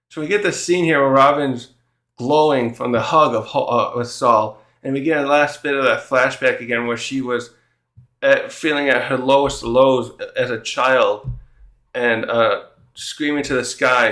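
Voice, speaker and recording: A manga reviewer and channel host casually goes over a chapter, thinking aloud and paraphrasing the characters' dialogue. His middle-pitched, fairly bright voice has a roomy echo.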